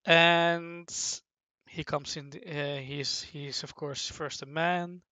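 A commentator who rambles playfully and haltingly through a casual talk while drawing, on a dull, dry lo-fi mic. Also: medium pitch, fairly even intonation, pushed and bright, no echo.

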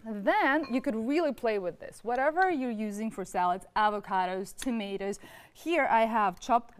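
A woman's voice: on the high side, normal speed, clean tone. A woman as a dietitian guest, explaining a recipe step by step in a cooking demonstration. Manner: explanatory, instructive.

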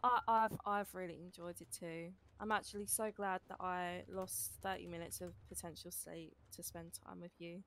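A woman's voice: on the low side, level tone, moderate pace, hardly any pauses, a bit bright, a little hiss or hum. Stammering woman in game roleplay. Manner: hesitant, stammering, teasing. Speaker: roleplay partner. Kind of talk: in-character game roleplay chat.

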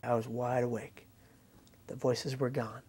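A man quietly telling his own story as an interviewee. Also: medium pitch, level tone, a little slow, breathy edge. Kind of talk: personal testimony.

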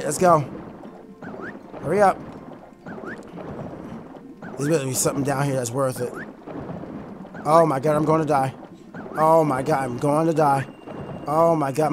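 A man giving excitable let's play commentary on a video game, chatty and prone to shouting when thrilled. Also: a little high, a little slow, pauses often, background noise. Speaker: gaming YouTuber. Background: faint game music.

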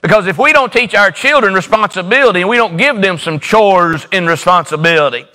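A middle-aged pastor delivers a sermon, hammering his points home through repetition and homespun stories. His voice sits high for a man and rings bright and forceful. He is preaching from a church sanctuary. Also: fairly quick, big-room sound. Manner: emphatic repetition, folksy storytelling.

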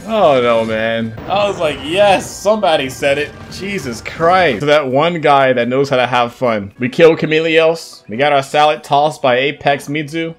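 Excitable gamer man, animated voice. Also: a little high, unhurried. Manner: excitable, swearing, laughing often. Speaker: gaming YouTuber. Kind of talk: live gameplay commentary. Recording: faint game music behind.

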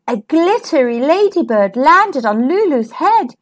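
A storytime host reads a children's picture book aloud, gentle and expressive. Her high, animated voice rises and falls over a wide range at an unhurried pace.

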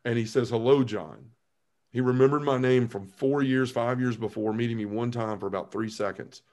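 An earnest man tells his personal testimony to a podcast host. He speaks at a middle pitch, stops and restarts his phrases, and lowers his voice at the heavy parts of the story. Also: fairly even intonation, darkish tone. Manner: earnest storytelling, halting restarts, drops low when emotional. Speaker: podcast guest.

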